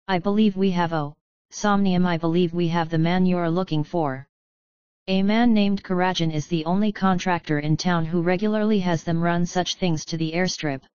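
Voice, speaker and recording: A woman's voice: on the low side, fairly even intonation, moderate pace, smooth, no echo, lightly acted. A woman reading as a brusque Russian witch. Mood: curt. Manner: sharp and brusque. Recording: slightly dull lo-fi recording.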